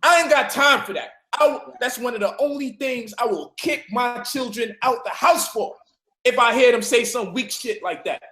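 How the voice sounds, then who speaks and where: A man arguing forcefully in a heated discussion, preaching and swearing freely. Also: very high voice, normal speed, roomy sound. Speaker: speaker in a debate.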